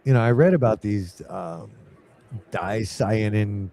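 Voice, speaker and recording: A man's voice: lowish voice, slow, crowd noise. A man co-hosting a paranormal trivia stream, chatting casually and telling rambling anecdotes with lots of fillers. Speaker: co-host of a paranormal trivia show. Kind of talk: casual live-stream chat, storytelling.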